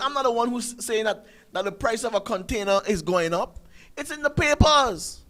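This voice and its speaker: A man's voice: extremely high pitch, a bit bright, poor audio. A man, hosting a talk show and ranting through an emphatic commentary full of rhetorical questions. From Sint Maarten.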